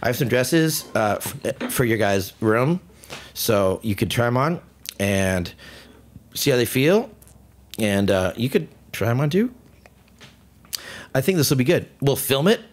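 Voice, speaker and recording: A man hosting a podcast in casual banter, excitable and often laughing. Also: medium pitch, unhurried, pauses often. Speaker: podcast host. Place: indoor room.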